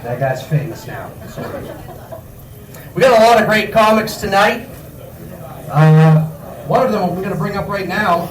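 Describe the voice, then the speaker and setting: Comedy host, male, high voice, rambling stand-up patter, echoey bar room, mic set far off. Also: lively intonation, unhurried, pauses often. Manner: rambling, with many fillers and self-corrections.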